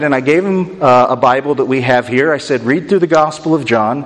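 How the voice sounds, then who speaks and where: A man's voice: mid-range voice, fairly quick, few pauses. A man preaching a sermon as pastor, earnest and building his points through rhythmic lists and repeated phrases. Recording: long hall reverb.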